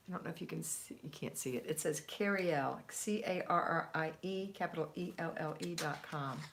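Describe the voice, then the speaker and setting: A woman's voice: lowish voice, a little hiss or hum. A middle-aged woman with a Southern US accent, hosting a casual live stream, chatty and easily sidetracked, laughing often as she reads out viewer comments. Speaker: homemaking livestream host.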